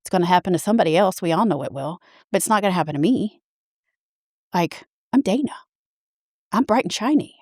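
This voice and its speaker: A woman in her fifties telling a personal story as a podcast guest, earnest and halting, often restarting her sentences. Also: lowish voice, lively intonation, a little mellow, no echo, clean studio sound. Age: 50s.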